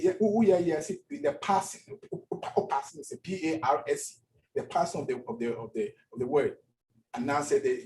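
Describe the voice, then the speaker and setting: A man's voice: high-pitched, darkish tone. A male pastor with a Ghanaian accent preaching a sermon in church, switching between languages and repeating phrases for emphasis.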